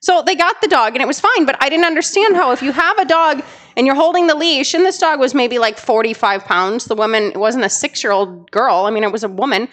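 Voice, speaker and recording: Woman podcast co-host, somewhat high voice, animated and exasperated storyteller. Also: brisk. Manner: animated storytelling, exasperated about careless dog owners. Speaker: podcast co-host, dog trainer. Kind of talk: casual podcast chat.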